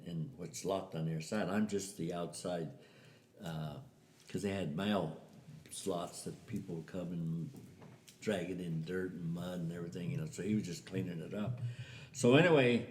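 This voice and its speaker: A man's voice: low voice, normal speed, a little mellow. An older man telling a family story in a casual way, acting out the voices of the people in it. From US Southwest. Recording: echoey room.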